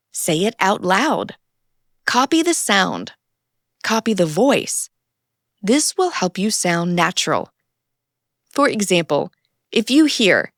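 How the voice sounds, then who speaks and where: Brief: woman teacher, slow delivery, dry close mic, simple lesson narration. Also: mid-range voice, fairly bright tone, no echo. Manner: plain, simple sentences with acted example dialogues. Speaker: English teacher.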